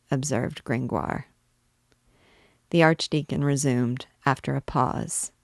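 A woman narrating a classic novel aloud in a measured, even storytelling manner, recorded on a close mic. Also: rumbling low, vocal fry, no echo. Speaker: book reader and teacher. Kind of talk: audiobook reading of a classic novel.

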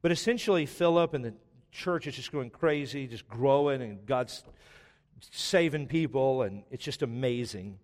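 Pastor, male, 40s, mid-pitched, chatty storytelling sermon with humor, big hall reverb. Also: moderate pace. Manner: conversational storytelling with joking asides. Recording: long reverb of a large hall.

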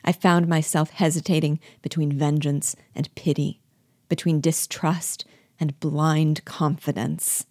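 A woman reading a novel aloud as its guide, in a steady, measured storytelling manner. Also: low voice, no echo, clean studio sound.

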